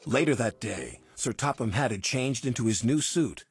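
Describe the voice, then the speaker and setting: A man narrating a children's storybook in an expressive, animated way. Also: mid-range voice, moderate pace, few pauses. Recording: narration over background music.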